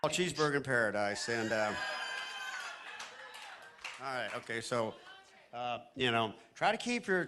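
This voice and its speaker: A man's voice: medium pitch, a bit bright, slight background noise. A male singer giving loose, joking, rambling stage banter at a live concert.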